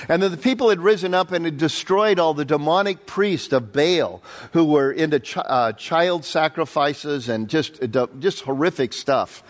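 A male pastor teaching a sermon verse by verse, with a voice pitched a little high for a man. He speaks conversationally, drops asides, and asks his listeners questions. His delivery turns animated and jumpy whenever he quotes someone. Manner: conversational, quizzes the audience with asides.

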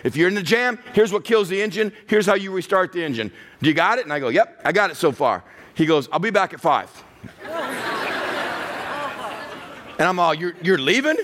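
A middle-aged pastor preaching to his congregation in a lively storytelling manner. He acts out the other people in his story, and his voice sits a little higher than most men's. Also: moderate pace, pauses often, a faint crowd. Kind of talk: sermon with personal story.

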